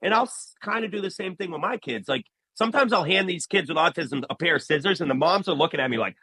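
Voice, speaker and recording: A man tells stories in a relaxed interview, slipping into the voices of the people he quotes. His tone is bright and forceful, with a husky edge. The sound is dry and close. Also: a little high, fast, few pauses, dry recording, low-quality recording. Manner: animated storyteller, acts out quoted voices. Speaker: barber, guest. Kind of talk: casual interview talk.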